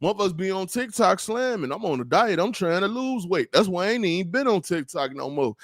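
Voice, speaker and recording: A man hosting his own livestream, ranting in a loose, slangy, rambling way with plenty of animated asides. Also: sits high, fairly quick, no room sound, studio quality. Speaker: livestream host. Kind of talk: casual livestream rant.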